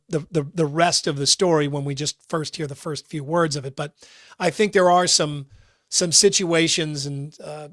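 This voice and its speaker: Earnest talk radio host, dry studio sound. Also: male voice, on the high side, fairly bright tone, no echo. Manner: earnest, thinks aloud with repeated words. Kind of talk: sports talk radio commentary. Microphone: studio microphone.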